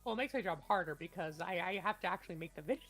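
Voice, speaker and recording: A woman's voice: lowish voice, animated, very fast, faint music behind. Rambling woman game master. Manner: rambling, restarts often, bursts into loud laughter. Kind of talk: casual chat on a voice call.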